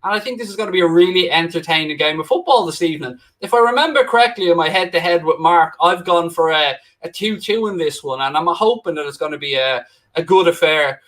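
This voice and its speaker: A man's voice: on the high side, lively intonation, fast, fairly bright tone. An Irish man hosting a live football watchalong, chatting directly to viewers. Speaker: stream host.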